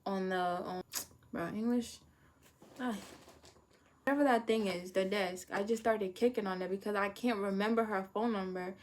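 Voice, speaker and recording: Animated woman telling a storytime vlog. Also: moderate pace. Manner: animated, acts out her own past panic with sudden high-pitched outbursts and laughter. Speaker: vlogger telling a personal story.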